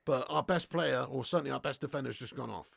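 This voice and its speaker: A young British man hosting a live football watch-along, sweary and excitable, chatting with viewers and laughing often. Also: mid-range voice, quick pace, creaky, breathy edge, no room sound, clean studio sound.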